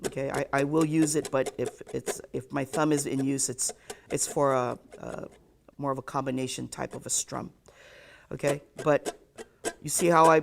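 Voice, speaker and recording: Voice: mid-range voice, gravelly, a bit bright, a little hiss or hum. A ukulele teacher giving a live online lesson, counting beats aloud and checking in with "okay?" after nearly every point.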